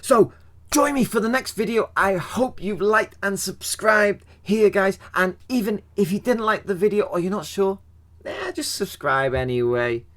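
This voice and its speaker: A man's voice: high-pitched, animated, unhurried, fairly bright tone. A young man talking casually through a football match review, chatty and self-deprecating, asking himself questions as he goes. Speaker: football fan channel host.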